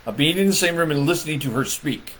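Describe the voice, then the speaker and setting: A man's voice: on the high side, expressive, quick pace, a bit bright. A man, a political comedian, rambling through a crude comedic rant, laughing often and leaning on fillers. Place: Michigan.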